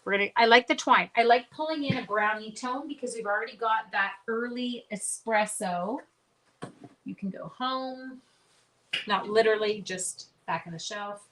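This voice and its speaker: Running a casual card-making livestream, a middle-aged woman speaks at medium pitch and a moderate pace, with a fairly bright tone and hardly any pauses. She talks with viewers and coaches herself through each step.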